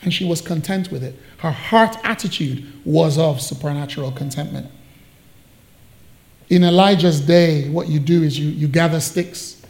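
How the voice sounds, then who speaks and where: A man's voice: on the high side, normal speed, darkish tone. A man preaching a sermon, telling a story with playful asides and jokes.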